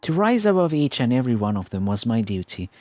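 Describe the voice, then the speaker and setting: A man voicing a poised, dutiful teenage heiress, reading a game monologue slowly in a lowered voice. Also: very animated, darkish tone, no room sound, faint music behind, natural voice. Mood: solemn.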